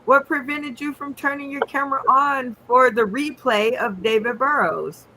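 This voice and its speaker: A woman's voice: sits high, moderate pace, bright, forceful tone, slight background noise. A woman hosting an online comedy game show, upbeat, giving the players instructions with plenty of fillers.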